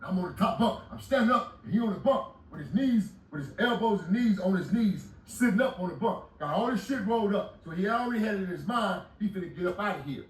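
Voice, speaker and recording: High-voiced man in his forties, loud and animated, recorded far off in an echoey, noisy room. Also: fast talker, few pauses. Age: 40s. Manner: loud, profane, animated retelling with shouted outbursts. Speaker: guest telling prison stories. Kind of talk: storytelling interview. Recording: roomy echo, distant mic, audible noise.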